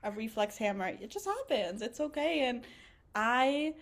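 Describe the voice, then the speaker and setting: A woman's voice: a little high, measured pace. A young woman in her twenties, a physician assistant student, talking as a podcast guest in a chatty, emotional way with many fillers. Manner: emotional, animated, lots of fillers and laughter. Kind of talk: casual interview chat.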